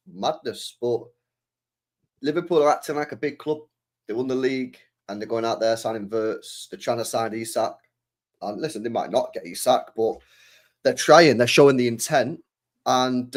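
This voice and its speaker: Brief: man, mid-pitched co-host, relaxed slangy football chat with plenty of hesitation. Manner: laid-back, slangy, hesitant. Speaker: podcast co-host.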